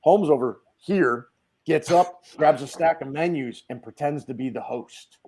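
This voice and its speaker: A man, a guest on a video call podcast, telling stories in a loud, casual way and acting out the quotes. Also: fairly high pitch, a little slow. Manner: animated storyteller, acts out quotes, swears casually. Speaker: guest, dent repair tech. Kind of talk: casual storytelling chat.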